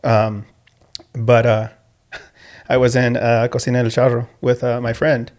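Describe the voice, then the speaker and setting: A man's voice: mid-range voice, level tone, unhurried, a little mellow. A middle-aged man, a teacher and coach, telling stories in an interview in an earnest, modest way with many restarts. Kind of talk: conversational interview storytelling.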